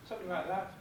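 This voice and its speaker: An older Englishman answers fans at a convention panel, chatty and quick to joke. His voice sits fairly high. He is picked up from a distance in an echoing, noisy hall. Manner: chatty, joking, laughs between answers. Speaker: guest actor on a convention panel. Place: large echoey convention hall. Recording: echoey hall from far off, noisy.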